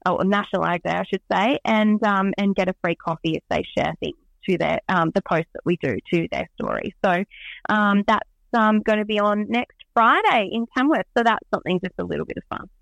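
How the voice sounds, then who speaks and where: A woman's voice: medium pitch, a little fast, creaky, a bit bright, no room sound, highs cut off. A woman being interviewed as an event organiser, chatting in an upbeat, enthusiastic way with lots of "um"s. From Australia. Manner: bubbly, enthusiastic, many "um"s. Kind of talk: casual interview chat.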